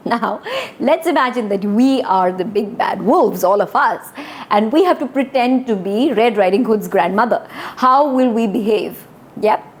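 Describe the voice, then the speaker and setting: Slow animated woman telling a kids' story. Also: medium pitch. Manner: animated, addresses children directly, gasps and dramatic pauses. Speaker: children's storyteller. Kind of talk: interactive storytelling for kids.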